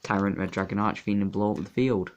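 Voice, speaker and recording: A young man casually talking through a card game deck, rambling and halting with fillers and restarts. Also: lowish voice, fairly even intonation, dull audio, slight background noise. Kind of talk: casual deck profile talk.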